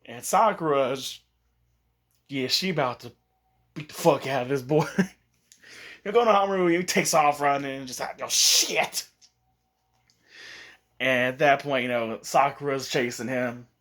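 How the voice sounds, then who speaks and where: A man's voice: mid-range voice, moderate pace, pauses often, a bit bright. A man casually telling a fan-fiction story, chatty, often laughing and coughing. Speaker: YouTube storyteller.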